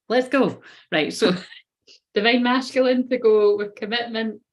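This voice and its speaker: A woman giving a casual tarot reading, talking in a chatty, rambling way, swearing constantly and laughing at herself. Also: on the high side. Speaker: tarot reader.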